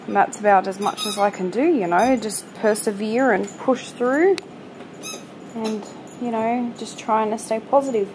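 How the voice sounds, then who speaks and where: Speaking at a measured pace in a fairly high voice, a twenty-something woman shares a casual personal update on healing from hip surgery. She's at home on crutches with her pets close by, sounding candid and hesitant and leaning on lots of "you know" fillers. Some background noise comes through.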